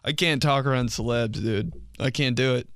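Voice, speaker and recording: Young dude cursing and rambling about himself on a podcast, dry close mic, middle pitch. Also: male voice, moderate pace, fairly bright tone, no echo. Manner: rambling, profane, self-mocking, acts out quotes. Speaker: podcast host and comedian. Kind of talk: casual comedic monologue.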